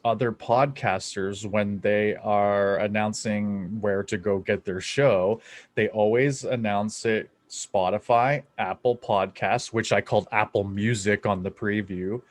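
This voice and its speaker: A young adult man from Canada hosting a podcast, talking in an excitable, rambling way and swearing freely. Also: fairly low pitch, unhurried, no room sound. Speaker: podcast host. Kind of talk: casual podcast chat.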